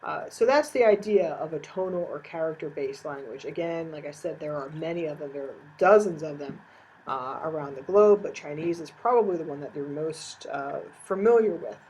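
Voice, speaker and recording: A woman's voice: low voice, moderate pace, a little mellow, breathy edge, low-quality recording. A woman giving a recorded course lecture, explaining step by step with frequent "uh" fillers.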